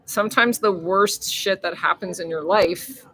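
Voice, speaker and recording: A woman's voice: lowish voice, steady tone, unhurried, bright, forceful tone. A woman hosting a casual livestream, chatting and reading viewer comments aloud, swearing freely. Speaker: livestream host.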